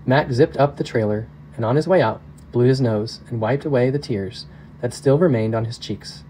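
A pastor reads a novel aloud at an unhurried, measured pace. His voice is dark and mellow. He sounds steady and calm throughout. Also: mid-range voice, slight background noise, low-quality recording. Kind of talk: audiobook narration.

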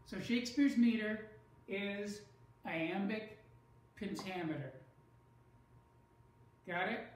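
A woman teaching in a slow, deliberate way, leaning hard on each stressed beat. She sounds far from the mic, and her voice rings around a very echoey room. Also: mid-range voice. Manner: slow, deliberate, stresses syllables to show rhythm. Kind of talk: classroom lecture.

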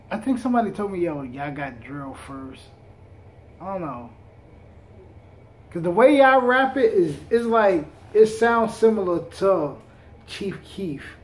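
A man's voice: fairly high pitch, a little hiss or hum. A man hosting a reaction video, chatting casually in heavy street slang with a laid-back drawl.

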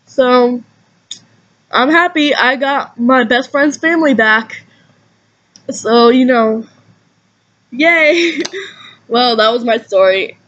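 Young woman, high voice, casual vlog storytelling, animated, swears, dull lo-fi sound. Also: takes it slowly, long pauses. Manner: animated, acts out quotes, swears freely. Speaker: vlogger. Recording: dull lo-fi home recording.

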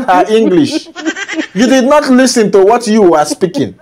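A man's voice: high-pitched, big pitch swings, moderate pace, a little mellow. A Nigerian man delivering a comedic reaction rant, scolding and often breaking into laughter. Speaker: comedian commentator.

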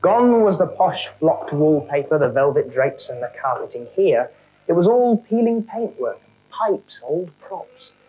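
A woman with a low voice reads a children's story. Her pitch jumps around a lot, and her tone stays wry and animated through the narration. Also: measured pace, phone-quality sound.

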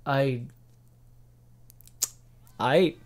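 A host giving casual, excitable commentary while reacting to a game showcase, exclaiming often and swearing freely. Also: mid-range voice, drawn-out words.

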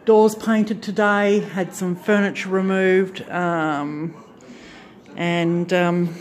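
A lowish female voice with fairly even intonation draws out her words. The craft channel vlogger rambles casually through a handheld-phone tour of her farm lodge unit, from the rooms inside to the back porch, revising what she says along the way.

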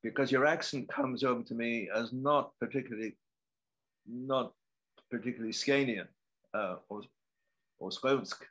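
A man's voice: medium pitch, moderate pace, long pauses, a bit bright, low-quality recording. A man in the audience asking an author a long, hesitant, musing question over an online call. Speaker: audience member.

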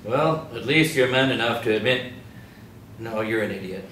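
An actor reading a sardonic talking dog with a dry, sarcastic delivery. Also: male voice, on the low side, normal speed, a bit bright, close to an everyday voice. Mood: wry. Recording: echoey room, distant mic, faint hiss.

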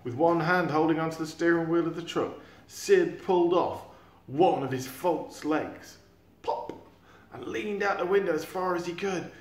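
A man reading a storybook chapter aloud to a class, animated and acting out sound effects. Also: high-pitched, moderate pace. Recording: echoey room.

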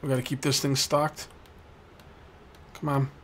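A man's voice: medium pitch, flat delivery, unhurried, a bit bright, slight background noise. A man hosting a let's play, giving casual gameplay commentary and joking with the game's customers as he goes. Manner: jokey, chats with game customers.

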